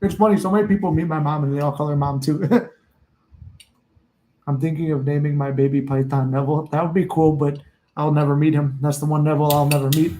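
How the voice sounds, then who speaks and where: A man's voice: on the high side, steady tone, fairly quick, mellow, slight background noise, poor audio. Rambling, profane man on a live stream. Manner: rambling, profane, laughs often, acts out inner voices. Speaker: manifestation coach, live streamer. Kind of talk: casual live-stream chat. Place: home office.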